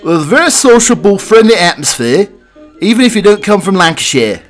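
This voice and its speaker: A man with a cold putting on the voice of a friendly northern English woman in a high falsetto. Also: very animated, fairly quick, soft background music. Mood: sociable.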